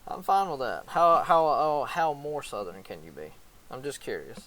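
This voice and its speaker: A man's voice: mid-range voice, very animated, moderate pace, fairly bright tone. A man vlogging casually, joking and swearing as he talks. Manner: joking, profane, laughing often. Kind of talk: casual screen-recording chat.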